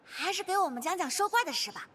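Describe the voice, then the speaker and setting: A woman's voice: very high voice, lively intonation, fast, fairly bright tone, a little hiss or hum. A curious cheerful game girl. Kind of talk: Chinese game dub.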